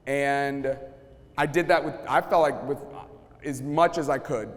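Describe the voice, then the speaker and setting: A man's voice: mid-range voice, fairly quick. Man talking in a reverberant hall. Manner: storytelling, acts out quotes, many restarts. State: sweating, feels hot. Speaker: pastor and guest speaker. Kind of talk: casual talk to a live audience.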